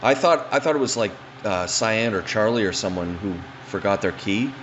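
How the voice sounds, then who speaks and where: A man's voice: on the low side, moderate pace, fairly bright tone, lo-fi sound, slight background noise. A man telling a funny anecdote in a rambling, profane, casual way. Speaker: storyteller.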